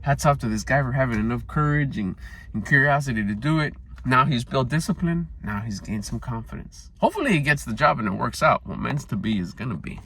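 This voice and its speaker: Fifty-something man, casual vlogger, rambling and reflective, middle pitch. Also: expressive, a little fast, a bit bright, a little hiss or hum, poor audio. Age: 50s. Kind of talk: casual vlog chat. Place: out and about running errands.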